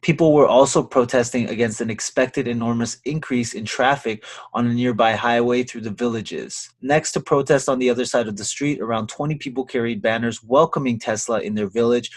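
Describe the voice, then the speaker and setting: A man from Canada giving casual commentary on a news article, talking to his viewers in a chatty way. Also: medium pitch. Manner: chatty, asks viewers to like and subscribe. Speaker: YouTube commentator.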